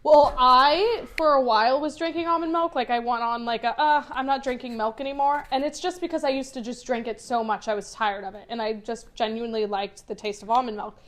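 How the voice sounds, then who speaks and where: Fired-up high-voiced woman ranting. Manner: ranting, fired-up, swears a lot. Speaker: podcast co-host. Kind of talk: casual chat.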